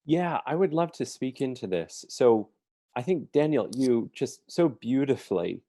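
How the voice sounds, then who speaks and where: A man's voice: medium pitch, very animated, unhurried, mellow, no echo. A man answering questions at a forum, telling a story earnestly with emphatic stresses.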